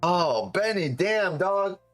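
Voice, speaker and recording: A man's voice: high voice, lively intonation, takes it slowly, fairly bright tone, no echo, faint music behind. A man, a trading streamer, chatting casually on a live stream, swearing a lot, joking and laughing often.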